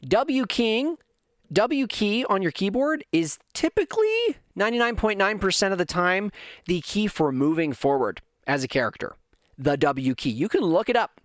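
A man's voice: high voice, very animated, normal speed, no room sound, studio quality. A middle-aged man hosting his own podcast, rambling through tangents and poking fun at himself. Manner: rambling, self-mocking, lots of tangents. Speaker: podcast host. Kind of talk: casual solo podcast rant.

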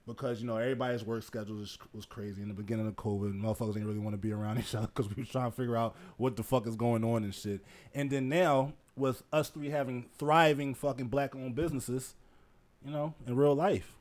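A man hosting a podcast, bantering loudly and swearing freely with his co-hosts. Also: medium pitch. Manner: loud, hyped, swearing freely. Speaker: podcast host. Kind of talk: casual profane podcast banter.

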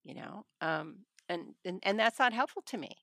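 Blunt storytelling woman with gravelly voice. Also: mid-range voice, animated, normal speed, a bit bright, no echo, clean studio sound. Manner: blunt, storytelling, laughs often. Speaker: trial attorney guest. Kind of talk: casual podcast conversation.

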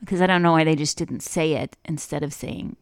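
A woman's voice: low voice, a little fast, no room sound. A woman co-hosting a live radio show from a studio, playful and giggly as she quizzes her partner. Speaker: radio co-host. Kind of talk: casual on-air banter. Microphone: studio microphone.

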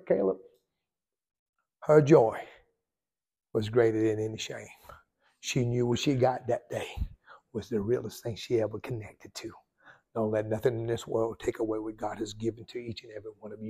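A male pastor, preaching a sermon and telling a story with sudden loud surges and hushed drops. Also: medium pitch, slightly rough.

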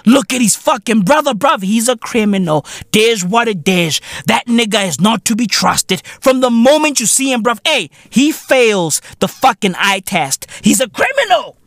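Ranting man, lively pitch. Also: normal speed, few pauses, no room sound, studio quality. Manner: loud, profane, mocking, often breaks into shouts and laughs. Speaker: podcast host. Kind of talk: comedic podcast rant.

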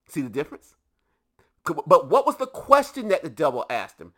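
A man's voice: a little high, wildly swooping pitch, normal speed, bright, forceful tone. A man preaching a teaching sermon to a congregation, emphatic and often putting questions to his listeners.

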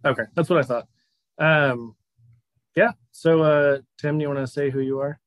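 A man's voice: fairly high pitch, fairly even intonation, normal speed, dry recording, muffled recording. A laid-back man narrating as game master of a tabletop game, who laughs easily.

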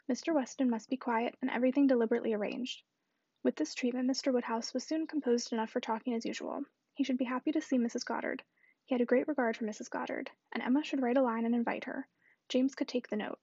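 A woman narrating a classic novel aloud in a brisk, steady reading. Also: fairly high pitch, vocal fry, breathy edge, no echo, lo-fi sound. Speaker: audiobook reader.

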